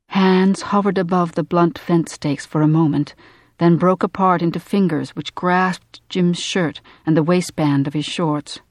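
An audiobook narrator telling a tense story in a measured, even voice. The voice sits at a middling pitch. The recording is close and dry, with no room sound at all. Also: no echo. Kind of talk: scripted narration.

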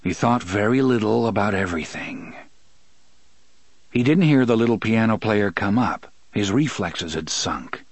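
A fairly low-pitched male voice narrates an audiobook from a script. His storytelling is steady and measured, with no echo in the recording.

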